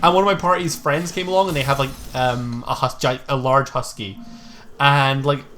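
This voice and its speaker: A man's voice: medium pitch, steady tone, moderate pace, bright, forceful tone, slight background noise. A man streaming a game, chatting casually and telling a rambling, self-deprecating story. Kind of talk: casual chat while gaming.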